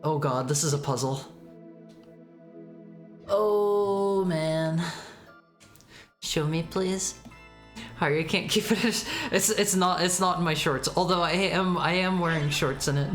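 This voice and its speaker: A woman with a lowish voice chats casually while streaming a retro game, speaking slowly with frequent pauses. She stammers, repeats words and reads text aloud over soft background music.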